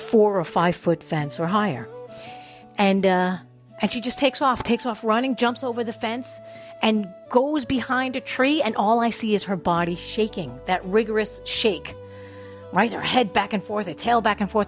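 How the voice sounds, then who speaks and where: A woman telling a casual personal story about her dog, animated, acting out the voices of the people in it. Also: mid-range voice. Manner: animated, acts out quoted voices. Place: New York City.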